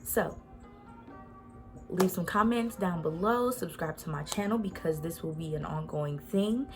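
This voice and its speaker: A woman's voice: lowish voice, measured pace. A young woman vlogging from her bedroom at home, chatting to camera in a laid-back, slangy way. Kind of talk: casual chat to camera. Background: music playing.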